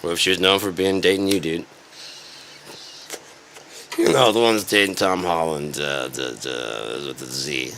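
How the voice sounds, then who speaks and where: A man's voice: sits low, a little slow, vocal fry, pauses often, a bit bright, slight background noise. A man ranting in a sarcastic, rambling and profane way, as an online commentator.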